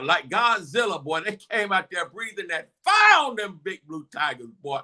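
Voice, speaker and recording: An animated man co-hosting a casual sports talk show, telling stories about the games with hype and laughter. His voice is bright and forceful, and his pitch swings widely. He talks with a playful, high-energy bounce. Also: moderate pace, hardly any pauses. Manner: animated, laughing, hyped storytelling. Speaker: co-host.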